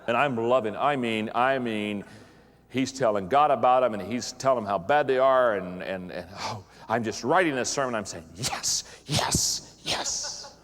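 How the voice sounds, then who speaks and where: A middle-aged man, a pastor giving a humorous live talk to an audience, telling stories in an animated, self-mocking way and often repeating words. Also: medium pitch, moderate pace, big-room sound. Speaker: pastor and leadership speaker. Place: large hall with an audience.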